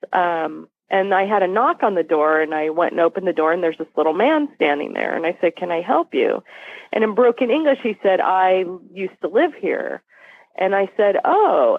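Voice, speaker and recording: A woman in her forties, a podcast guest, telling a story with animated quoted voices. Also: mid-range voice, no echo. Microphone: phone call. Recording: tinny phone line.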